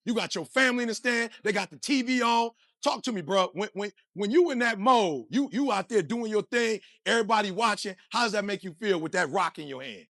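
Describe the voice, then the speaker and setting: Male motivational speaker, high and punchy, preaching to the crowd, dry sound. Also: vocal fry, no echo. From Detroit, USA. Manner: energetic, preachy, slang-heavy, addresses the crowd directly. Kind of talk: motivational speech.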